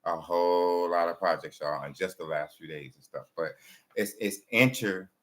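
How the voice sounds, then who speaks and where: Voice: low voice, normal speed. A co-host joining a casual livestream and trading playful banter with the host.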